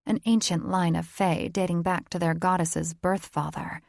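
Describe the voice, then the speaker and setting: A woman narrating a fantasy romance audiobook in a measured, even storytelling manner. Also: on the low side, vocal fry, no echo, studio quality. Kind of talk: scripted narration.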